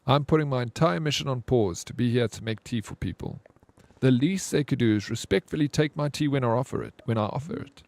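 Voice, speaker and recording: Man reading a stubborn ex-warrior woman tea shop keeper; insistent, indignant, gravelly, game dialogue read aloud. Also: medium pitch, expressive, a little fast, a little mellow, no echo. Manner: insistent, indignant, fixated on rules.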